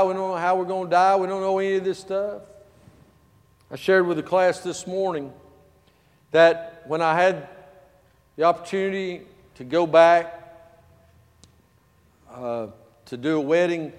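A male pastor preaching in a church, his slightly higher voice carrying a long hall reverb. He tells stories, swinging between loud, stressed lines and quiet, hushed passages. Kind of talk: sermon with personal storytelling. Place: church sanctuary.

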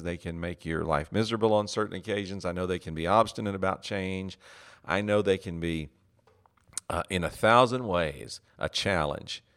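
A middle-aged man, a pastor, giving a reflective teaching talk in an earnest, heartfelt way, pausing often on "uh". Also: deep voice, a bit bright. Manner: earnest and heartfelt, with frequent "uh" pauses. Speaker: pastor and ministry leader.

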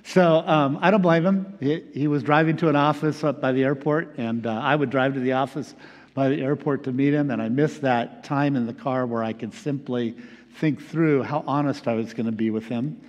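A man preaching a reflective sermon as pastor, pausing often with fillers. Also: mid-range voice, fairly even intonation, dull audio. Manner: reflective, halting with many fillers. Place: church sanctuary. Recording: long reverb of a large hall.

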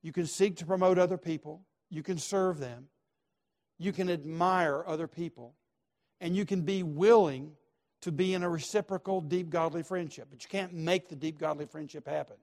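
A male pastor delivers a sermon in a somewhat high voice. He drives his points home by repeating key phrases, dropping to near-quiet asides before rising to forceful stresses. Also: moderate pace. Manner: emphatic, repetitive, swings from quiet to loud.

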